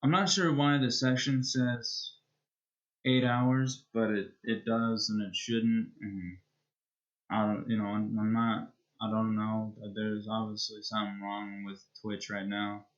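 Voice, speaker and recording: A male streamer winds down a live stream in casual, rambling chat. He speaks at an unhurried, drawn-out pace and keeps circling back and restarting his sentences. His voice comes through a muffled, lo-fi recording. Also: on the low side, flat delivery. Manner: rambling and hesitant, with many restarts.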